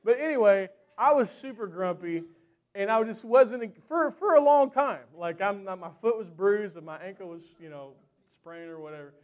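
A man preaching a sermon who tells a personal story in an animated, chatty way with lots of fillers, then closes in prayer. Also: sits high, moderate pace, lo-fi sound.

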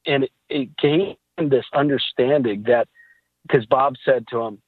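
A man talking casually about faith as a podcast guest, telling animated stories with laughs. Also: medium pitch, measured pace, slightly rough, no room sound. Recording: tinny phone-like line.

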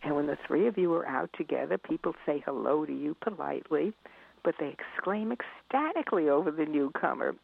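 A middle-aged woman with a gravelly, husky voice tells stories animatedly. She acts out scenes and laughs often. Her voice comes through a dry, tinny phone-like line. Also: low voice, animated, a little fast. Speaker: author and parenting expert. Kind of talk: storytelling in a conversation.

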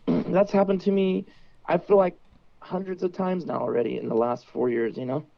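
A man's voice: high voice, steady tone, normal speed, vocal fry, no room sound. A man chatting casually about training his dogs. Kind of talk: casual chat. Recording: dull, muffled sound.

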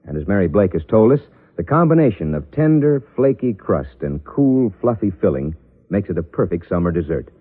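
Old-time radio announcer guy, pitch swooping all over, lo-fi phone-like sound. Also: very animated, a little fast. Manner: smooth, salesy, emphatic. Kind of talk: 1950s radio announcing and ad reading. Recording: tinny lo-fi vintage radio broadcast.

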